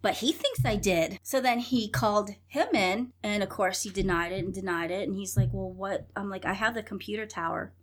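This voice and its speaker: Animated woman telling her story. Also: mid-range voice, fairly quick, few pauses. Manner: animated, acts out dialogue, laughs often, swears. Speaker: interview guest. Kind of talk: candid storytelling interview.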